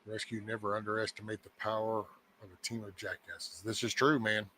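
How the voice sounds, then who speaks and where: A man's voice: on the low side, level tone, moderate pace, bright, forceful tone, slight background noise. A man hosting a casual morning chat show who talks in a folksy, meandering, joking way. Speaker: host of a daily live show.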